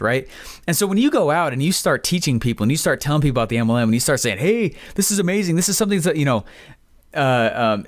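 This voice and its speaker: A man hosting a podcast, telling a casual, rambling story full of fillers and excited asides. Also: mid-range voice, no room sound, studio quality. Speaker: podcast host.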